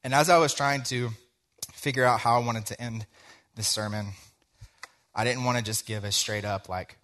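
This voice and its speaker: A man's voice: mid-range voice, steady tone, moderate pace, fairly bright tone. A young man giving a sermon, telling a personal story in a conversational way with plenty of quoted dialogue.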